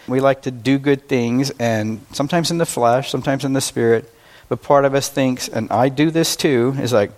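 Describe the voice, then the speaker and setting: A man preaching a sermon to a congregation, talking in a casual, self-deprecating way and slowing down to stress key phrases. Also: medium pitch. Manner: conversational and self-deprecating, with emphatic slowed phrases. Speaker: pastor.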